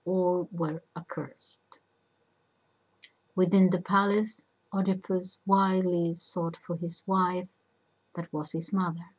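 Slow, husky woman narrator. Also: fairly low pitch, a little mellow, lo-fi sound. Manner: slow, measured reading. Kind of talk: storybook reading of a myth.

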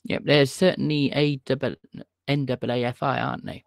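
A man's voice: medium pitch, steady tone, a little fast, vocal fry, no echo, studio quality. A man hosting a livestream, chatting casually and greeting his viewers by name. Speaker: livestream host calling scammers.

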